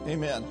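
A man preaching a sermon in a church, with call-and-response and drawn-out emphasis. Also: a little high.

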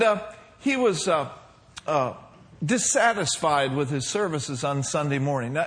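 A man's voice: high-pitched, fairly bright tone. A man preaching a sermon to a congregation, mixing fillers and call-and-response asides. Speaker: pastor.

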